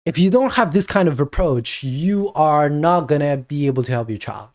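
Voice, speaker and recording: A man giving a spoken video lecture with advice for parents, talking deliberately and repeating his points for emphasis. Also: fairly high pitch, expressive, darkish tone.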